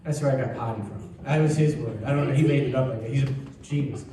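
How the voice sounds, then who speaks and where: A man doing a stand-up comedy set, telling stories deadpan and breaking into sudden high-pitched outbursts. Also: fast, background noise. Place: comedy club stage. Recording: echoey live club mic from a distance, audience. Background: audience laughter.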